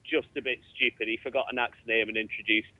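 Comedian guest on the radio, matter-of-fact, muffled dry line. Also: male voice, mid-range voice, level tone, fast talker, no echo. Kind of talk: casual radio chat.

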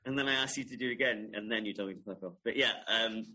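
A man, a film director, answering interview questions in an animated storytelling way with many restarts. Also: fairly low pitch, fast, poor audio.

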